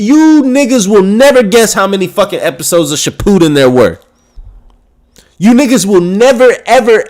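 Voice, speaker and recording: A young man hosting a casual talk show, telling a story in an animated, profane rant full of restarts. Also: high-pitched. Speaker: podcast host.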